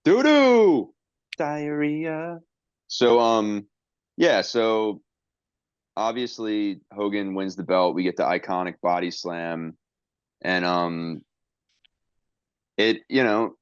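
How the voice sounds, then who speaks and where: A very low-voiced man talking loosely on a podcast, full of fillers and side jokes. The sound is dry and a little dull, like a close home podcast mic. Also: clear, resonant tone, dry recording. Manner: rambling, filler-heavy, jokey impressions. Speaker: podcast co-host. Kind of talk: casual chat.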